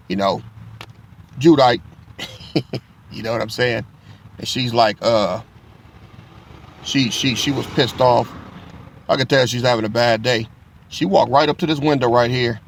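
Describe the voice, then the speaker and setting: A middle-aged man teaches a casual Bible lesson through a rambling, profane story. His voice has a gravelly, fry-heavy edge and a mid pitch. Faint noise sits behind him. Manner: profane, laughing, street-talk storytelling.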